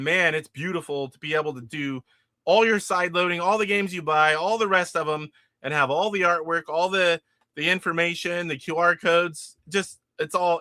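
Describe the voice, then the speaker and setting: A man from California with a high, bright voice hosts a live stream and talks through viewer messages in a loose, rambling way. The sound is close and dry. He restarts his sentences often and laughs easily. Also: dry recording. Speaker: livestream host. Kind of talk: casual chat reading viewer comments.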